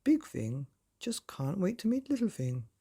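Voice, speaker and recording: A man's voice: high voice, wildly swooping pitch, unhurried, dark tone, husky, voice pushed up, full character voice. A man putting on a gushing, prim storybook mother. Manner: effusive and fussy.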